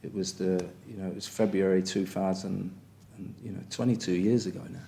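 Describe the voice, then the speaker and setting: Deep-voiced blunt English man in his fifties. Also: fairly even intonation, fairly quick, creaky, dark tone, slight background noise. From England. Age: 50s. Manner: frank and blunt, with frequent "do you know what I mean". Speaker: speaker sharing at a recovery meeting. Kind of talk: candid personal share.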